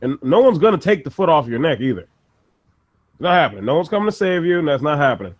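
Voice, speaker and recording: Casual podcast co-host, high-pitched man, swears freely while ranting. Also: sing-song, fast talker. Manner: profane, ranting, laughs often. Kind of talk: casual chat.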